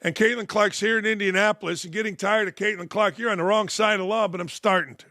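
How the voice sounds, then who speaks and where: A man's voice: high voice, steady tone, fast talker, sharp tone, no room sound, clean studio sound. A man, hosting a sports talk show in a blunt, sarcastic, heated monologue. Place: studio.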